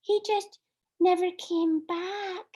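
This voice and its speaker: A woman's voice: extremely high pitch, steady tone, slow pace, mellow, pitched above the performer's own voice. A woman playing a guarded little girl who answers questions in a matter-of-fact way. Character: bold, poor little girl friend, guarded.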